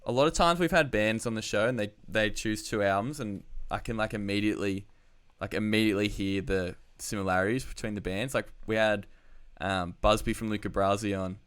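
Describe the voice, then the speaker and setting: Man, podcast host, low voice, smooth, casual chat, laid-back swearing. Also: steady tone, brisk, few pauses, a bit bright. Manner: swears casually, lots of fillers.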